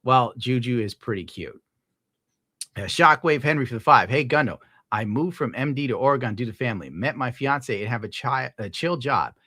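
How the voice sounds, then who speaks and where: In a clean studio recording with no room sound, a young male streamer reads viewer tips and rants in casual chat, swearing heavily and growing worked up. His medium-pitched voice is bright and forceful, with lively intonation at a normal speed.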